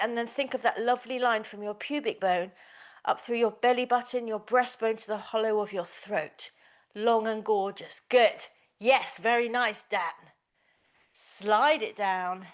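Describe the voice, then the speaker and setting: A woman teaching a small Pilates class, giving encouraging, chatty cues. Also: a little high. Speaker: pilates instructor. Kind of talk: live class instruction.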